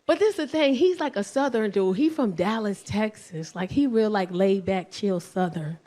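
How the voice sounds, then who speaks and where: A woman from the South Bronx with a New York accent, in her forties, performing a stand-up comedy set on a club stage into a handheld mic, brash and swinging into high squeals and shouts. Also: expressive, normal speed.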